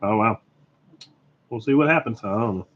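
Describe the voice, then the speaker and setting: A man hosting a casual live repair stream, talking in a relaxed, rambling way and laughing often. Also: on the low side, moderate pace, a little hiss or hum. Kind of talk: casual live stream chat while soldering. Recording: dull lo-fi stream audio.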